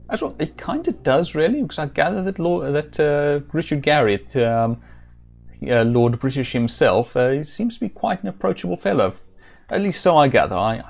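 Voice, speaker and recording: A man's voice: mid-range voice, vocal fry, a little mellow. A man streaming a video game, chatting casually and rambling with dry, self-amused jokes. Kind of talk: casual let's-play commentary.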